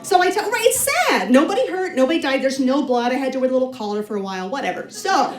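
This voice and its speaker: A woman's voice: high voice, lively intonation, racing, background noise. A middle-aged woman telling a true story on stage to a live audience, in a chatty, self-deprecating comic way. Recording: roomy hall sound from a distance.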